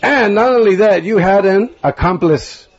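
A man's voice: high-pitched, normal speed, husky, dull audio. A man voicing an angry mother scolding her naughty little boy, in a stern, lecturing way.

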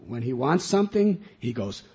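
Raspy guy giving a sermon, slow and lively, acts out stories, muffled audio. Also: mid-range voice. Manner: animated storytelling with sound effects. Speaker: preacher.

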